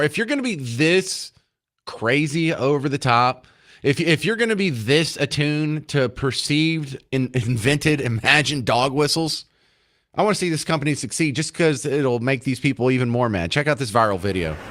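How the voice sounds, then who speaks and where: A man's voice: a little high, animated, normal speed, fairly bright tone, no echo, clean studio sound. A man hosting a talk radio show, giving opinionated commentary with sarcasm and mocking rhetorical questions.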